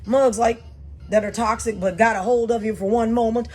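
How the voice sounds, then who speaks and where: A woman doing a blunt, profane tarot reading for her viewers, talking animated and fired up. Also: a little high, moderate pace. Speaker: tarot reader.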